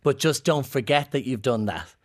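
A man's voice: medium pitch, moderate pace. Irish man telling playful anecdotes. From Ireland. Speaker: comedian guest. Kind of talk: casual interview chat.

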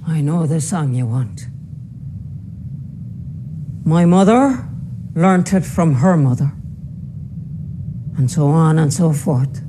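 An actress playing a solemn woman who guards an ancient cursed song, telling its story slowly and gravely in a film clip. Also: animated. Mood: ominous. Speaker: film character. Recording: film clip with loud music. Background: music and low rumble.

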